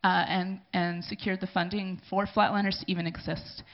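Woman, kinda gravelly voice, emotional halting thank-you speech at church, muffled lo-fi recording. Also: fairly low pitch, little pitch movement. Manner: emotional, halting, speaking with pauses to gather herself. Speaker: church community leader. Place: gathering in a room. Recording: dull lo-fi recording.

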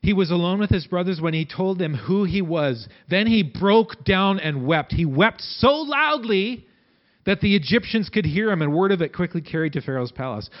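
A man preaching a sermon in a conversational way, acting out quotes with big swings in pitch and loudness. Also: animated, moderate pace, highs cut off. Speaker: pastor.

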